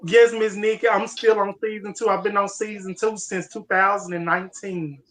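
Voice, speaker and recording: A woman's voice: mid-range voice, normal speed. A woman chatting casually on a live video call, telling stories in a loose, slangy way with lots of laughter. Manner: laughing, animated storyteller, slangy. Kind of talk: casual chat.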